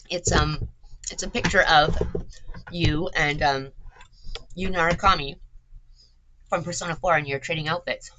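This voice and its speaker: A woman's voice: deep voice, sharp tone, a little hiss or hum, low-quality recording. A woman, rambling on stream in casual chat, swearing and filling gaps with "like" and "um". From Canada. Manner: chatty, swears a lot, filler-heavy.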